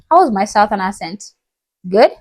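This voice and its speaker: Wry woman host, lively voice. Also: medium pitch, a little slow, dry recording. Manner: wry, exasperated. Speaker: channel host and commentator. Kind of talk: reaction commentary.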